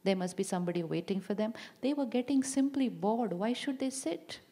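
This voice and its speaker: A woman speaks as a spiritual teacher before a live audience. Her voice is warm and mellow at a middle pitch. She repeats key phrases and keeps asking the room questions. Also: lively intonation, a little fast.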